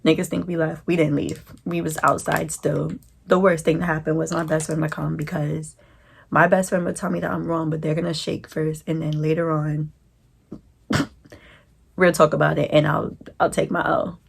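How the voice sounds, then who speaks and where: Gravelly New woman telling a story. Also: low-pitched, moderate pace. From New York. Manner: animated, slangy storytelling. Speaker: vlogger. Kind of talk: storytime vlog.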